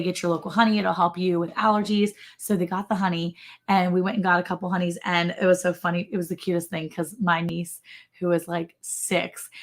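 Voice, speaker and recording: A woman's voice: lowish voice, vocal fry, a bit bright. A woman co-hosting a ranch livestream, chatting casually, laughing often and yawning. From Texas. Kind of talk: casual live-stream chat.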